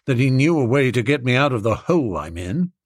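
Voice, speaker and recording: A flustered young toff in a fix, as a male narrator plays him, rambling on in old-fashioned slang. The pitch jumps around a lot, and the voice is slightly husky on a close, dry recording. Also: very animated, brisk, dry recording. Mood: gloomy. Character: hard-up young gentleman, gloomy and flustered. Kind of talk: audiobook character voice.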